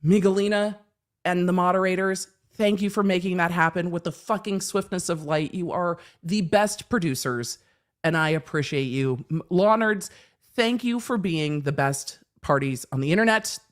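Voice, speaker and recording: A woman's voice: fairly low pitch, normal speed. A middle-aged woman hosting a legal commentary livestream, chatting casually and laughing, with plenty of swearing. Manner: animated, laughing, swearing freely.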